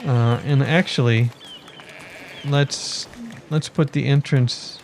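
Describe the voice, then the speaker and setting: A man's voice: medium pitch, fairly even intonation, slow, a little mellow, a little hiss or hum. A man giving casual commentary on his city-building game, thinking aloud and chatting to his villagers as he plays. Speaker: let's play gamer.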